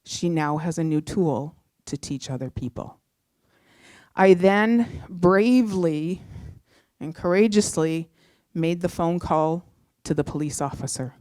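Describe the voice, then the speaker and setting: A middle-aged woman from Canada telling a personal story live on stage, heartfelt and animated, acting out the voices she quotes. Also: low-pitched, moderate pace, dry recording, clean studio sound. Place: theatre stage.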